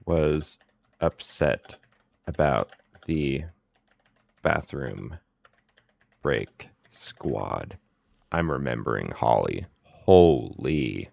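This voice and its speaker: A man's voice: very deep voice, animated, extremely slow, creaky, long pauses, no echo. A man streaming his reactions to a reality show, blunt and incredulous, swearing casually.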